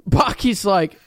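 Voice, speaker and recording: Slow-talking laughing podcast guy. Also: sits high, no room sound, clean studio sound. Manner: laughs often while retelling scenes, acts out quotes. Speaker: podcast co-host recapping episodes. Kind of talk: casual chat.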